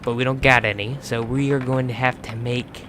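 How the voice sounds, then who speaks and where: An American man talks his way through a game in loose, chatty commentary, cursing freely and tripping over his words. His voice sits at an ordinary middle pitch. Clear game sound plays underneath. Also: fairly even intonation, normal speed, bright, forceful tone, slight background noise. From United States. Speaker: gaming channel host. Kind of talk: casual let's play commentary.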